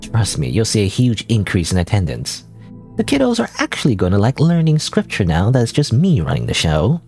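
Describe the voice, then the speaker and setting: A man's voice: lowish voice, huge pitch swings, fairly quick, a little mellow, faint music behind. Snide, gloating nun, read by a man; mocking tone, darker voice. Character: smug, spiteful young nun who gloats.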